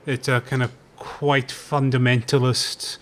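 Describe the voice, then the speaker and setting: A man's voice: medium pitch, level tone, measured pace. A man, interviewing and explaining informally, with lots of fillers. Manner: informal, uses fillers like "kinda". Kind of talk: explaining in conversation.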